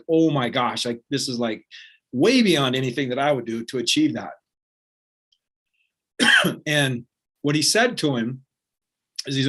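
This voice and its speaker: A man speaking as a motivational speaker, with a voice of ordinary middle pitch. He talks earnestly and conversationally, tagging thoughts with quick check-ins to the listeners. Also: fairly bright tone. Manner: earnest, peppered with "right?" and "like". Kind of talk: motivational talk.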